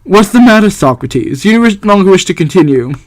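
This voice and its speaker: A man playing a solemn, measured all-knowing judge. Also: high voice, lively intonation. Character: grand, calm male arbiter, an all-knowing judge.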